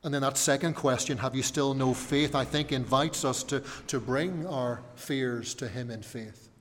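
A male pastor preaching a sermon in an earnest way, rising to emphatic questions and dropping soft. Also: medium pitch, normal speed. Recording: long reverb of a church hall.

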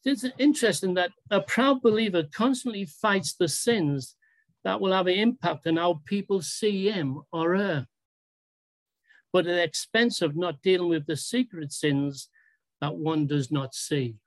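A preacher delivering a sermon in a deliberate, emphatic way, asking rhetorical questions and drawing out key words. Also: mid-range voice.

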